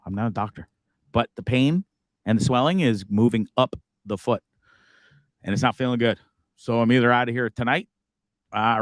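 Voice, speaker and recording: A man's voice: medium pitch, dry recording. Profane, rambling male show host. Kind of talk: casual live-show monologue.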